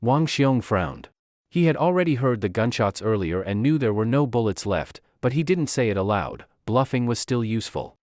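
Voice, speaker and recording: A man's voice: medium pitch, expressive, normal speed, a little mellow, no room sound, clean studio sound. A man narrating a comic story recap in a dramatic storytelling manner.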